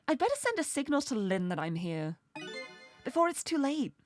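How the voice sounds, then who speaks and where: A woman's voice: sits high, very animated, normal speed, music in the background, voice pushed up. A woman voicing a wry, matter-of-fact male ghost with no memory in a video game.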